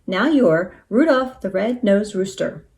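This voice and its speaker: A woman's voice: mid-range voice, lively intonation, unhurried, a little mellow. A woman voicing a doubtful, sensible female cow in a storybook, skeptical and exasperated.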